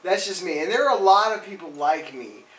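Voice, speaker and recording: A young man rambles through his opinions in casual chat, often restarting mid-thought. His voice sits a bit high. He sounds distant from the mic in an echoey room. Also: expressive, brisk, a bit bright. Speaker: podcast co-host.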